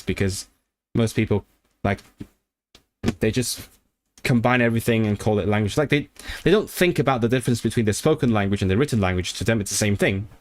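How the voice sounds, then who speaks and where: A man chatting casually on a livestream about learning languages, thinking aloud with lots of restarts and quick bursts of excitement. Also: fairly low pitch.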